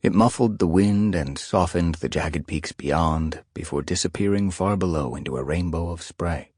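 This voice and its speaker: A male narrator reading a children's animal fantasy audiobook with expressive storytelling. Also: low voice, moderate pace, slightly rough, no room sound, clean studio sound. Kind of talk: scripted narration.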